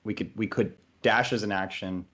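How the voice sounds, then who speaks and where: Man, tabletop player, relaxed, explains his plans, low voice. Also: normal speed, husky. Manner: relaxed, talks through his plans step by step. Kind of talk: casual tabletop play.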